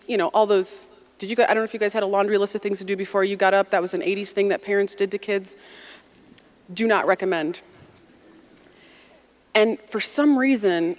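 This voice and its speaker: An American woman in her forties, speaking at medium pitch, tells an audience a personal story. She's lively and conversational and acts out the quoted lines.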